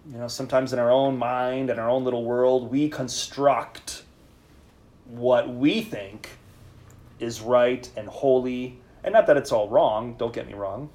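A priest speaking in a conversational sermon to a live group, leading them in call-and-response. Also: male voice, mid-range voice, fairly even intonation, slow, long pauses, a little mellow. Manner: informal, leads call-and-response with listeners.

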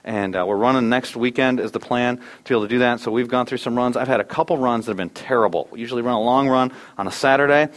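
A man in his thirties, a pastor preaching a sermon in church, earnest, dropping soft and low at times, then rising loud and animated. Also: fast talker, few pauses.

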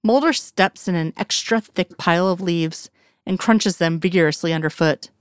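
A woman reading a story aloud in an even, measured narration. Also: lowish voice, clean tone, no room sound, studio quality. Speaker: reader. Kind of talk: storytelling narration of fan fiction.

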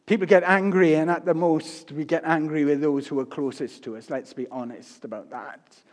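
An older man giving a sermon, telling stories with humor and swinging between loud and soft delivery. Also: fairly high pitch, fairly even intonation, moderate pace. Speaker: preacher. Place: church. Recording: long reverb of a church hall.

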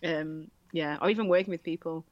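Deep-voiced and talking a little fast, a woman from the south of England banters as a podcast co-host, laughing as she mimics people's remarks. The audio lacks echo and has its highs cut off.

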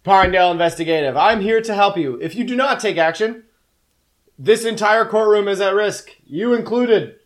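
A man voicing an undead male demon cat who speaks in a booming, solemn voice. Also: close to an everyday voice. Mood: urgent. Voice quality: booming, slow and grand.

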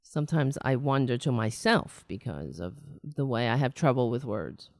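A middle-aged woman talks straight to her viewers in a slightly raspy voice, rambling and candid, full of restarts and wry asides. She is recorded on a close mic in a dry room with no echo. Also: very deep voice, expressive, normal speed, a little mellow. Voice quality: raspy, nasal-edged voice she calls a rake on a chalkboard. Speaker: political talk show host. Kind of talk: casual live-stream monologue.

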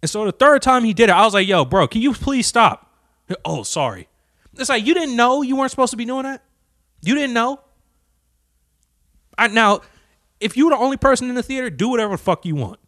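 A man ranting to camera, cursing constantly and swinging from low muttering to loud, heated outbursts. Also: expressive, fast talker, long pauses, dry recording, clean studio sound. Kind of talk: profane rant to camera.

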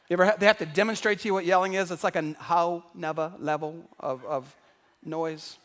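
Animated man preaching, calls out to the room, acts out household voices, echoey church hall. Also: sits high, brisk. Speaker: pastor. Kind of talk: sermon.

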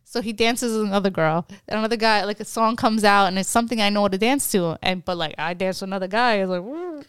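A woman's voice: medium pitch, quick pace, hardly any pauses, fairly bright tone, clear, resonant tone, dry recording. New lady on a podcast, cussing thru her stories, dry close sound. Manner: profane, storytelling with acted-out quotes. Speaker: podcast co-host. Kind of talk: casual chat.

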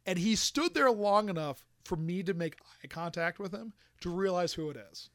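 A man casually telling a story on a podcast, animated and swearing, acting out quotes. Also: high voice, moderate pace, no room sound, clean studio sound.

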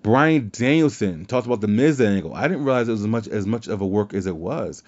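A man's voice: lowish voice, animated, a little fast, darkish tone. A man hosting a wrestling podcast in casual chat, rambling and swearing freely. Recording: dull lo-fi sound.

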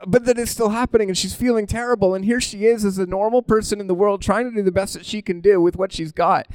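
A man preaching a conversational sermon in an animated, informal way, often breaking off mid-thought and laughing at himself. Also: sits high, quick pace, smooth, no room sound.

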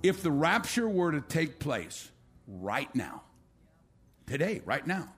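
A male pastor preaching a sermon, swinging between loud, rising calls and quiet, low appeals, acting out quotes and leading an altar call. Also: big pitch swings, takes it slowly, breathy edge, soft background music.

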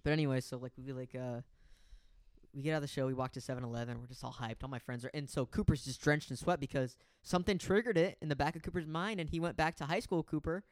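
A man's voice: medium pitch, fast, no room sound. A young man telling a rambling story in casual chat as a podcast co-host, stuffing his talk with "like" and swearing freely. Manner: rambling, heavy use of "like", frequent swearing.

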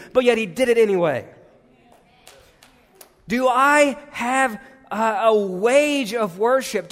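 A man preaching a sermon in a church, swinging from loud urgent appeals to hushed tones. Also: very high voice. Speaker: pastor. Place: church sanctuary. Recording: long hall reverb.

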